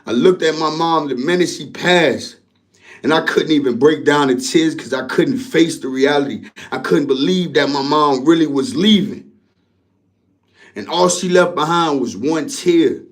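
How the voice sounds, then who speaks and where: A man's voice: on the high side, unhurried. A young man venting his grief to camera in a raw, profane monologue that keeps circling back on itself. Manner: profane, repetitive, keeps asking "you know what I'm saying". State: grieving, distraught.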